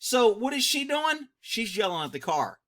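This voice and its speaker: A man's voice: very high voice, very animated, moderate pace, sharp tone. A middle-aged man commenting on a video clip, mocking it and laughing constantly between phrases. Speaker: vlog host.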